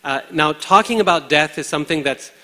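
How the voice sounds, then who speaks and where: A man from India giving a scripture class in a large temple hall, speaking in a measured, conversational way with many hesitant pauses. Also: a little high, sharp tone. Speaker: preacher. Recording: long hall reverb.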